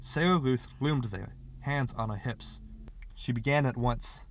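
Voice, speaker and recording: Reading a short story for an audiobook, a male narrator delivers expressive, scripted narration in an unhurried, medium-pitched voice.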